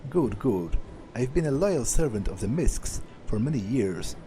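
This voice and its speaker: Formal, wary male servant, lively pitch, read by a man. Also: a little slow, faint music behind. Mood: guarded. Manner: formal, suspicious. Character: stiff defensive loyal male house servant.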